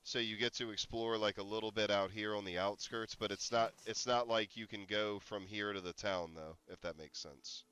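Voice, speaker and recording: A male streamer talks through his game in a loose, rambling way. His voice is bright and forceful, with a smooth, crisp clarity, and he breaks into laughter and sharp startled yelps. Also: on the low side, fairly even intonation, normal speed, few pauses, low-quality recording. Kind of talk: casual gameplay commentary.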